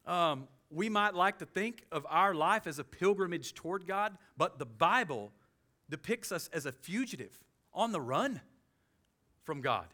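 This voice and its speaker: Bright-voiced Southern preacher man. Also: sits high, measured pace. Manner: animated preaching, with sudden loud jokey voices and soft asides. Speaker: pastor. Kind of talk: sermon.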